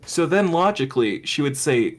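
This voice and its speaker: A man's voice: on the high side, normal speed. A man co-hosting a casual comedy podcast, retelling a show scene by scene, laughing often and jumping into voices for the characters. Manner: animated storyteller, quoting characters in put-on voices, laughs often. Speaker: podcast co-host.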